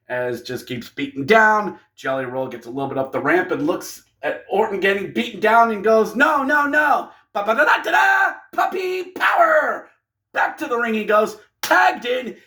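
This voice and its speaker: Brief: high-pitched male reviewer, casual monologue, excitable, jokey. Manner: excitable, jokey, acts out wrestlers' lines. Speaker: wrestling reviewer.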